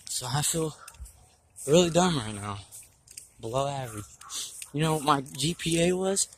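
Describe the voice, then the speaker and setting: A man's voice: a little high, animated, moderate pace, slight background noise, poor audio. A nineteen-year-old man talking in a casual vlog, rambling and frustrated, swearing a lot as he goes. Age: young adult. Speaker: vlogger.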